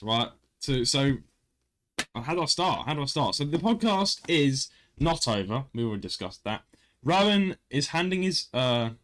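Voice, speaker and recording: A young man, hosting a casual podcast chat and telling a story with lots of restarts. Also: mid-range voice. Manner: animated storyteller, self-interrupting with restarts. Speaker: podcast host.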